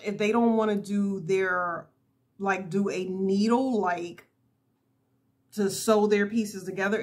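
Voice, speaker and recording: Woman, crochet tutorial host, slow delivery, chatty, says y'all. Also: mid-range voice, a bit bright.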